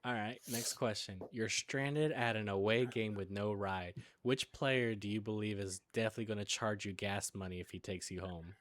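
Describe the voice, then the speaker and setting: This is a man with a lowish voice hosting a loose, friendly chat. He reads out playful questions and keeps breaking into laughter. The sound is close and dry, with no room around it. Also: fairly even intonation, moderate pace, few pauses, a bit bright, no room sound. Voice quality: laughs often while asking. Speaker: podcast host asking questions. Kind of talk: casual chat.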